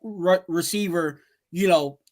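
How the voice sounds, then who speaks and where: A man's voice: high-pitched, slow, a little mellow. A man talking sports in casual chat, rambling, repeating himself and stumbling over his words.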